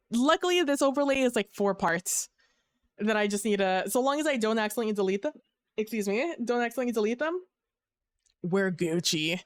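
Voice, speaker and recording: A woman's voice: a little high, smooth, no echo, clean studio sound. A young woman streamer talking casually and rambling, with lots of fillers and restarts. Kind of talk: casual live-stream chat.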